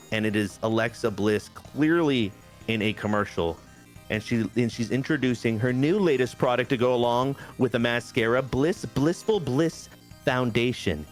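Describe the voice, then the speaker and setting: Man, game host, casual hyped commentary, playful, mid pitch, faint music behind. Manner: hyped, playful, says "baby" a lot.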